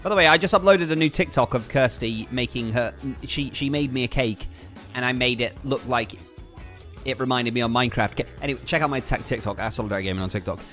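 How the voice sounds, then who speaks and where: A man's voice: mid-range voice, fast talker, a bit bright, faint music behind. A man livestreaming a game in casual, upbeat chat, reading out viewer names and thanking donors.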